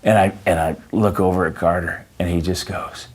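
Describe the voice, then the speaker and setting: Deep-voiced man answering interview questions. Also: steady tone. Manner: halting, with many fillers and restarts; anecdotal storyteller. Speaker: interview guest.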